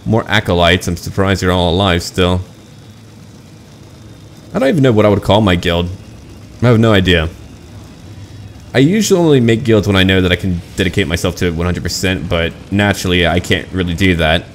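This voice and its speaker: A man's voice: low-pitched, moderate pace, pauses often, slight background noise. A man casually commenting on his online role-playing game, chatty and self-mocking about getting lost. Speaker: gaming channel host.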